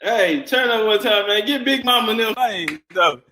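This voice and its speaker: A man reacting to a clip with loud, laughing, profane banter. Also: high-pitched, lively intonation, moderate pace. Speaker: reaction streamer. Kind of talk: casual reaction commentary.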